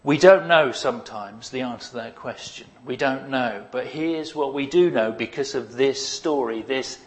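A man's voice: mid-range voice, normal speed. A man preaching a sermon in a mid-range voice. He is conversational and humorous, pressing his key points with emphasis.

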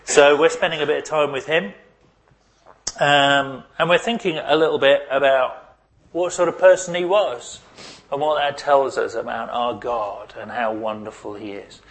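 A man preaches and prays in a conversational sermon, his voice sitting at an ordinary middle pitch. He keeps asking his congregation questions as he goes. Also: gravelly, fairly bright tone. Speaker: pastor. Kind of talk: sermon with prayer.

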